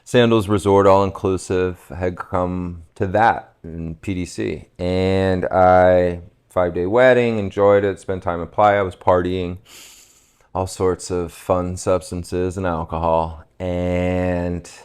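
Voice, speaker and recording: A man from West Virginia, a podcast guest, telling a relaxed, reflective story and laughing at himself. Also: low voice, slow pace, clear, resonant tone. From West Virginia, USA. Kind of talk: casual storytelling conversation.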